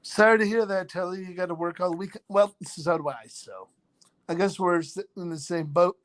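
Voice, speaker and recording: A man's voice: high voice, normal speed. A man hosting a casual live chat, reading out viewers' names, joking about himself and laughing often. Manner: laughs often between lines. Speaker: live stream host.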